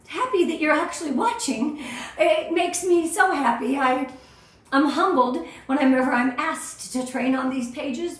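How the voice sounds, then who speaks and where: A woman from Southern California leading a live-stream sales training, bubbly and emotional, greeting viewers by name. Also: high-pitched. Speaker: sales team director. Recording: very echoey room.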